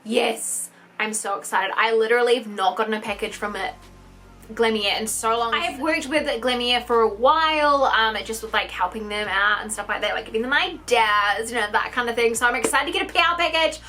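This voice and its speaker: A young woman gushing and gasping her way through an excited makeup unboxing vlog. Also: on the high side, brisk, music in the background. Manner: gushing, gasping, exclaims constantly. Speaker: beauty vlogger.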